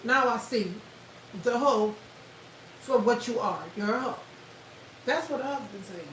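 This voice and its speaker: A woman's voice: a little high, a little slow, fairly bright tone. A woman hosting a livestream, giving blunt, profane commentary and laughing often. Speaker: livestream host. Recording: echoey room, far from mic, faint hiss.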